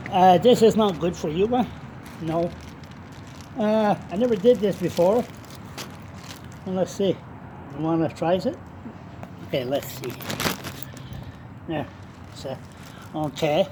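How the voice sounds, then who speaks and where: A man's voice: sits high, lively intonation, slow, long pauses, warm tone, slight background noise. A man blogging on camera in a loose, rambling monologue, blunt and swearing freely, now and then turning to talk to his dog.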